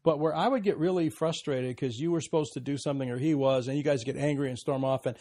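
An older man co-hosting a podcast, talking about parenting in a gentle, reflective, fatherly way. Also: medium pitch, fast talker. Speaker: podcast co-host.

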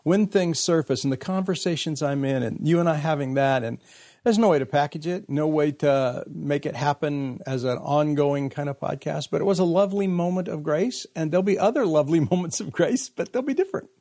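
A man's voice: a little high, brisk, dark tone, dry recording, studio quality. A man hosting a faith podcast, talking casually and reading listener emails aloud in a reflective, earnest way. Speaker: podcast host.

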